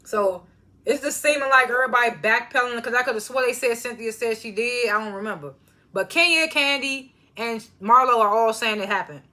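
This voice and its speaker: Woman recapper with AAVE speech, casual and animated, bright tone. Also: a little high, a little fast. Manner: laughs often, animated retellings of quotes. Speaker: reality TV recapper.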